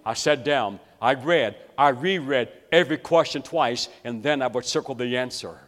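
A man from West Virginia preaching a sermon to his congregation, telling a story dramatically and swinging between hushed and loud. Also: mid-range voice, normal speed. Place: church sanctuary. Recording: long reverb of a large hall.

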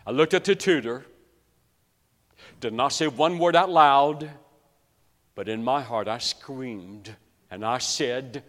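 A man from West Virginia preaching a sermon to his congregation, telling a story dramatically and swinging between hushed and loud. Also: mid-range voice, takes it slowly, long pauses. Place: church sanctuary. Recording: long reverb of a large hall.

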